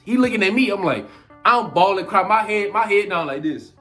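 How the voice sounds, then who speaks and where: A man in his twenties telling a childhood story in an animated, slangy vlog style. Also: sits high, fairly quick, soft background music. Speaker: vlogger.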